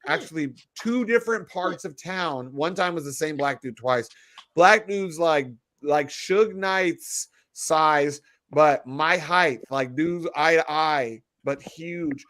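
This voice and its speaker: A man co-hosting a casual podcast chat, telling stories with swearing and loudly acted-out quotes. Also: fairly high pitch, slow pace, no room sound. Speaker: podcast co-host.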